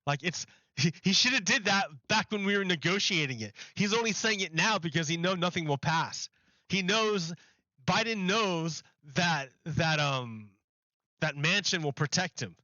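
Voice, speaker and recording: A man's voice: sits high, expressive, moderate pace, sharp tone, dry recording, highs cut off. A man streaming live, rambling through a mocking rant in casual chat and laughing often.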